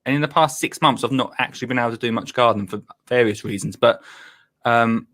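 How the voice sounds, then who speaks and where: A man's voice: mid-range voice, fast talker, fairly bright tone. A man hosting a casual chat show, bantering and laughing often. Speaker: host.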